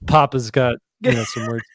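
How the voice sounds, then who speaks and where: Man putting on a stern dad voice, mock-serious, slow, dry close sound. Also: mid-range voice, a bit bright, no echo. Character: stern fatherly dad lecturing his son.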